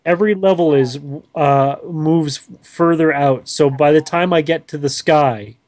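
A man's voice: fairly high pitch, a little slow, darkish tone, no room sound. A young man hosting a casual chat while gaming, rambling goofily and bantering with a friend. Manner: goofy, rambling, silly banter. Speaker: channel host.

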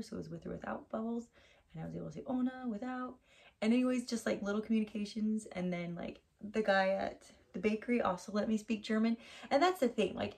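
American woman, thirties, casual vlog storytelling, gravelly fry in the voice. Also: on the low side, a little mellow. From United States. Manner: chatty storytelling, lots of "like". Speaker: vlogger. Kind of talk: casual travel vlog chat.

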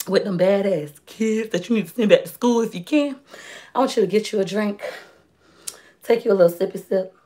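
A woman. She talks straight to her viewers, warm-hearted and moved, sharing her faith with open emotion. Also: medium pitch. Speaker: livestream host and shop owner. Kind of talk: casual livestream chat.

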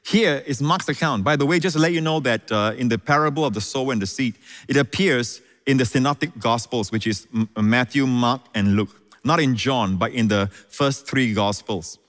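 Male pastor, mid-pitched voice, emphatic sermon with repeated phrases, long reverb of a large hall. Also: moderate pace, a bit bright. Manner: emphatic preaching, repeats key phrases, calls out "Hallelujah".

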